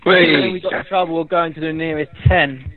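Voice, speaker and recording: A man's voice: a little high, fairly even intonation, normal speed. A man joining a casual online quiz as a contestant. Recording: tinny phone-like call line.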